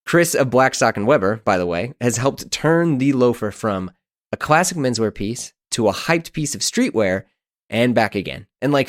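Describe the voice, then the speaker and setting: A man in his thirties hosting a podcast, telling a story in an animated, exasperated, self-mocking way. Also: medium pitch, no echo, clean studio sound. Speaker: podcast host. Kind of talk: casual storytelling monologue.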